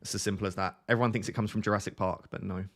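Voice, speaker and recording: A man's voice: lowish voice, steady tone, racing, fairly bright tone. Self-mocking man with a light Essex accent. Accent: light Essex English. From Essex, England. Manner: chatty, self-mocking, laughs often. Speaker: streamer answering chat. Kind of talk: casual live-stream chat.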